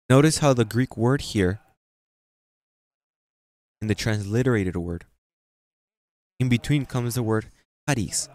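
Male pastor, low voice, emphatic sermon, repeats key words. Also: a little mellow. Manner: emphatic, repeats phrases for stress; reads scripture slowly and deliberately.

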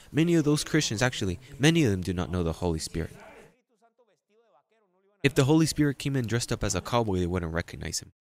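Guy pastor preaching, lowish voice, keeps repeating himself and punching up the big lines. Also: very animated, fast talker, pauses often. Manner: emphatic, repetitive, swings into loud peaks. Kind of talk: sermon.

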